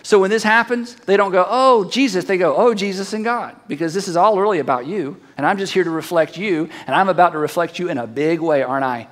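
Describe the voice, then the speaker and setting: A man voicing a calm, knowing man who prays quietly to God, in a soft, hushed, confiding way. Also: high-pitched, fast, few pauses, voice pushed down.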